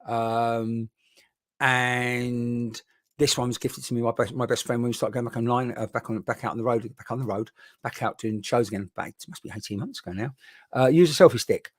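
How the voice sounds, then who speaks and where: A man's voice: medium pitch, steady tone, brisk, dry recording. Male medium, rambling and chatty, mid-range voice, dry close mic. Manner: rambling, chatty, many restarts. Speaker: spiritual medium. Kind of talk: live online mediumship session. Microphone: boom mic.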